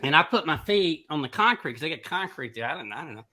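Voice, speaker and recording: A middle-aged man co-hosting a podcast, telling a long casual anecdote in an animated way and laughing through his own story. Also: fairly high pitch, quick pace. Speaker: podcast co-host.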